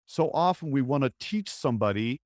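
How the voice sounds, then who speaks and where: A man's voice: mid-range voice, animated, brisk, a little mellow, no echo, clean studio sound. A man hosting his own podcast, telling a personal story in an earnest, reflective way and often checking in with "right?". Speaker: podcast host.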